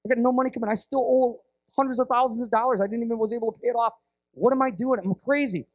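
High-voiced animated American preacher man. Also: fast, no room sound. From United States. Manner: animated, rambling, self-interrupting. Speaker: guest preacher. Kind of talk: sermon storytelling.

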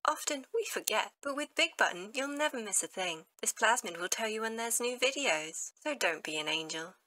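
A woman voicing a prim in-game public-address announcer with a soft, sing-song promotional delivery. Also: a little high, animated, a little fast, dry recording, voice pushed up. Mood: sweetly promotional.

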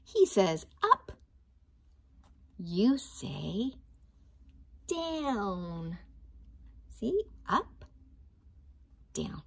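Woman teacher, storytime read-aloud for young kids; unhurried, animated pitch, slightly raspy. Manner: slow, expressive, sing-song storytime delivery. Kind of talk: reading a picture book to children.

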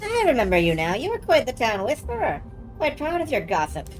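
A woman's voice: a little high, huge pitch swings, brisk, faint music behind. A woman voicing an old miserly man reading game dialogue in a stiff, formal way.

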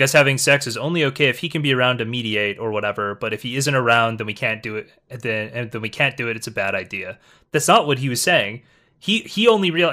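Bright-voiced man reacting on a stream. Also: medium pitch. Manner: musing, explains at length. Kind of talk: casual commentary.

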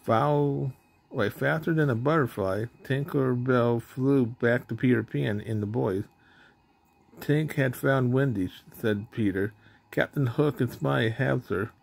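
A man's voice: mid-range voice, measured pace, vocal fry, husky. A man reading a children's storybook aloud in a plain way, now and then slipping on words and starting over. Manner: plain reading, with slips and restarts. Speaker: storybook reader.

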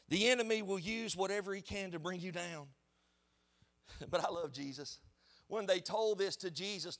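Pastor, high male voice, lively storytelling sermon delivery. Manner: animated, conversational preaching with storytelling. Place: church sanctuary.

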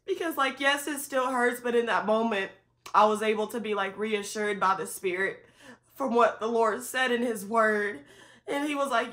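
A young woman with a bright, clear tone talks into her camera in a candid personal vlog. She sounds tired and close to tears. She addresses her viewers directly and speaks with open feeling. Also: a little high, moderate pace. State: tearful and tired. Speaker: vlogger. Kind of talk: emotional personal vlog talk.

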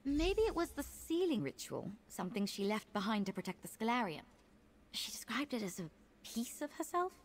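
A woman's voice: fairly high pitch, very animated, moderate pace. An actress voicing an eager, curious young woman scholar companion in a video game, talking with enthusiasm. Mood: thoughtful.

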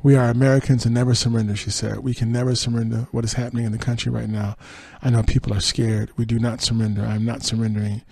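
Gravelly, husky man reading celebrity news. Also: medium pitch, flat delivery, fast, few pauses, a little mellow, no room sound. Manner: reads quotes then adds dry sarcastic asides and laughs. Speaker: podcast host. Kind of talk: reading entertainment news with asides.

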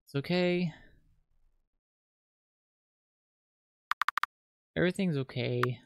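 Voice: mid-range voice, vocal fry, very noisy, natural voice. A streamer voicing a lonely, hesitant child. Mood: anxious. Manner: halting, hesitant, repeats words. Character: lonely nonbinary child caring for a dark house. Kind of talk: reading game dialogue aloud. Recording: loud piano music behind.

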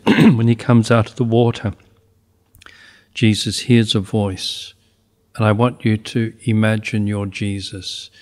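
An older Australian man, a bishop, giving a slow, reflective homily with pauses. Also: fairly low pitch.

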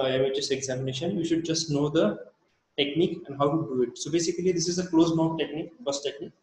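Indian male lecturer, slightly high voice, hesitant delivery with many fillers, echoey room. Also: slight background noise. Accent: Indian English. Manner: halting, many fillers and restarts. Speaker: dental lecturer. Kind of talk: recorded lecture.

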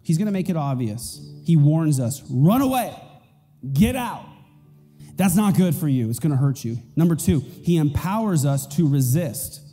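A man's voice: a little high, animated, normal speed, hardly any pauses, dark tone, long reverb tail, soft background music. A man preaching a sermon as pastor, emphatic and repeating his key points. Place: church auditorium.

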